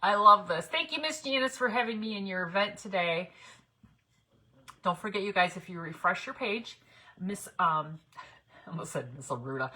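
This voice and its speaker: Chatty crafter, woman, bright lively delivery, talks viewers through her work live. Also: medium pitch, brisk. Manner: chatty, talks while working, addresses viewers directly. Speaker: craft demonstrator on a live stream. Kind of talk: live crafting demo chat.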